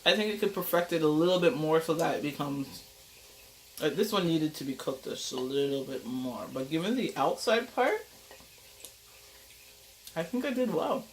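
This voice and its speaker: A woman's voice: low-pitched, animated, moderate pace, long pauses, far from the mic. Woman home cook, chatty and playful, off-mic in a roomy kitchen with faint background hiss. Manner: chatty, playful, talks through each step. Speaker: home cook, channel host. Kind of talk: casual cooking vlog. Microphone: camera mic, back turned, away from it.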